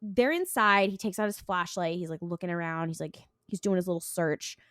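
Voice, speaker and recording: A woman's voice: fairly low pitch, brisk, no room sound, studio quality. A young woman co-hosting a podcast, casually recapping an episode and acting out the characters' lines with lots of laughter. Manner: animated retelling, voices characters, laughs often. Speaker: podcast co-host. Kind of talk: casual recap with acted quotes.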